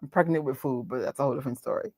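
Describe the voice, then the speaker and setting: This woman's voice is extremely low and dark with a breathy edge, and she races along, recorded cleanly in a studio with no echo. She's reacting live to a movie for her watch party, ranting in emotional outbursts, exclaiming, joking and laughing a lot.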